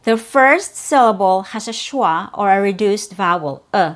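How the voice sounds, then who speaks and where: A woman's voice: medium pitch, animated, unhurried. A woman teaching English pronunciation, modeling each sound and repeating words carefully. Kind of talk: slow, clear pronunciation lesson.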